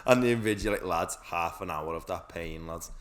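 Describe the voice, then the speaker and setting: Podcast co-host, young man, lower voice, animated storyteller who laughs and swears. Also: a little fast. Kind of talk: casual chat.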